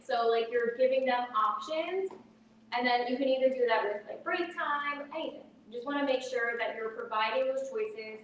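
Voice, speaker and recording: A woman's voice: on the high side, moderate pace. Woman teacher in an echoey hall. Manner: practical, explains with everyday examples. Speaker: teacher leading a parenting workshop. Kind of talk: live workshop presentation. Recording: echoey hall from far off, faint noise.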